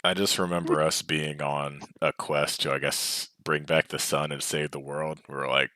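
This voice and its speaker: A man's voice: very deep voice, little pitch movement, moderate pace, pushed and bright, no echo. A man playing in a tabletop game, chatting wryly and laughing easily. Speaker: player. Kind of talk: casual chat during a tabletop game.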